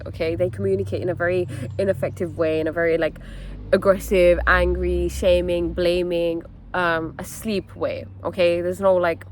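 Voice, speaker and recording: A woman's voice: on the low side, a little hiss or hum. Earnest young woman telling a personal story. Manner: earnest and animated, with many fillers and "okay?" asides. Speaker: wellness content creator. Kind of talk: candid personal storytelling vlog.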